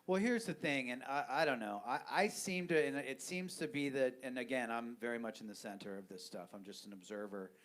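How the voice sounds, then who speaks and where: A man's voice: mid-range voice, brisk, hardly any pauses. A man from Southern California hosts a loose podcast conversation. He rambles, restarting his sentences as he works out his point. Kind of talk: casual podcast chat.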